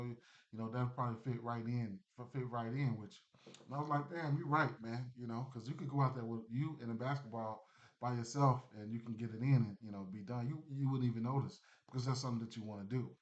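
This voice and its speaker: A man's voice: mid-range voice, fairly even intonation, fast talker, darkish tone. A man chatting casually on a sports betting livestream, rambling loosely with many fillers and restarts. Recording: dull lo-fi stream audio.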